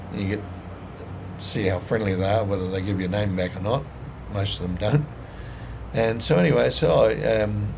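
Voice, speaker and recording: Man, Australian accent, low gravelly voice, rambling folksy monologue, faint hiss. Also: animated, a little fast. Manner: rambling and folksy, with plain sales advice. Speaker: businessman telling his life story. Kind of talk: casual monologue to camera.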